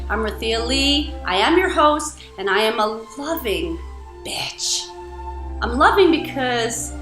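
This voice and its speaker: A woman hosts a casual advice vlog, answering questions in a playful, blunt and irreverent way. She speaks slowly, with a fairly high voice. The room is echoey, with faint music behind her. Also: a bit bright. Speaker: host.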